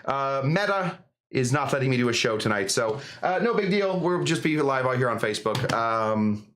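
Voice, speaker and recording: A man's voice: mid-range voice, lively intonation, moderate pace, fairly bright tone. A man hosting a live cocktail stream, chatting in a rambling, jokey way full of fillers. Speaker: host of a live cocktail show.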